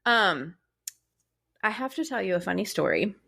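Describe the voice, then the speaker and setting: A woman's voice: medium pitch, moderate pace, gravelly. A young adult woman co-hosting a podcast, chatting casually and telling a funny story with lots of laughter. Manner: chatty storyteller, laughs often, animated retelling. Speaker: podcast co-host. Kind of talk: casual chat.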